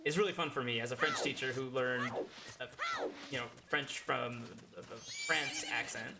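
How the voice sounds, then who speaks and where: A man's voice: mid-range voice, steady tone, moderate pace, very noisy. A man streaming a game and chatting casually with his audience, reading chat aloud and laughing often. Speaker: language teacher.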